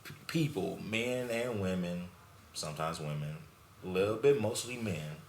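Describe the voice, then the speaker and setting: Young male podcast host, very low voice, casual slang storyteller, echoey room with faint hiss. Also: moderate pace. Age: young adult. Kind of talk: casual chat.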